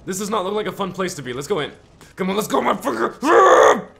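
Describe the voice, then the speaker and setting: A man doing let's play commentary on a video game, loud and profane, with screaming reactions and mock-heroic asides. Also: high-pitched, sing-song, fast, vocal fry. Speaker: gaming YouTuber.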